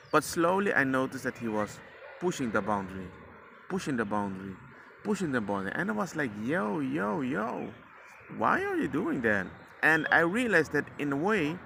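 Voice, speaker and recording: A man's voice: a little high, background noise. A father sharing his parenting experiences in a rambling, slangy, casual way, often acting out quotes of himself and his son. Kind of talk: casual storytelling monologue. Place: outdoors, near a passing dog walker.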